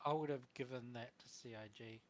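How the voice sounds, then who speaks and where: A man's voice: medium pitch, fairly even intonation, brisk. A man playing alongside the host, making brief offhand remarks. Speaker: fellow player. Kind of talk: casual gaming chat.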